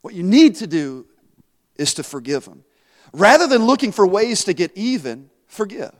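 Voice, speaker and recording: A pastor telling a story in a sermon, animated, moving between quiet asides and loud bursts. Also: male voice, sits high, moderate pace. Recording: long hall reverb.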